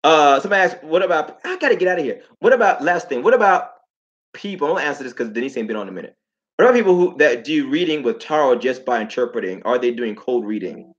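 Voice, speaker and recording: A man hosting a casual livestream talk, telling stories with lots of repeated phrases and animated asides. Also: fairly high pitch, quick pace, dull audio. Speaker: host.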